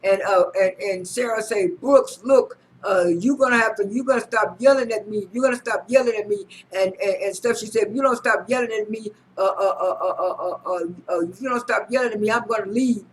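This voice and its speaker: A man recapping a reality show episode in a casual, halting way, with lots of repeated "and" and "uh" and frequent restarts. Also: high voice, low-quality recording. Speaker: recap vlogger.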